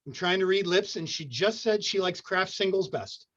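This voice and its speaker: A man's voice: high-pitched, normal speed, fairly bright tone. A man hosting an online improv show, joking and rambling playfully. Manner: jokey, rambling. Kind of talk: playful show hosting over video call. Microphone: video call. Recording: muffled lo-fi video call audio.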